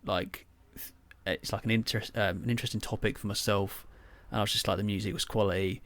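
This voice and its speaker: A young man with a lowish voice chats loosely on a podcast, stringing thoughts together with lots of fillers and offhand swearing. The sound is close and dry, with no room around it. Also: steady tone, fast talker, a bit bright, dry recording. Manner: rambling storyteller, filler-heavy, swears casually. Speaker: podcast co-host. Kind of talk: casual chat.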